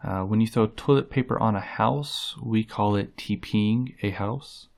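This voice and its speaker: A man doing a casual tag video, reading words off a list in an unhurried way with frequent "uh" fillers. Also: lowish voice, vocal fry, a little mellow. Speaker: vlogger.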